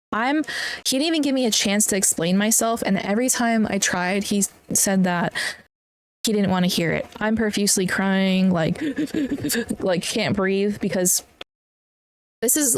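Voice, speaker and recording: A woman's voice: medium pitch, smooth. A young woman hosting a podcast, telling a personal story bluntly with lots of swearing and plain upset. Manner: blunt and heavily profane, upset while recounting. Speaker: podcast host.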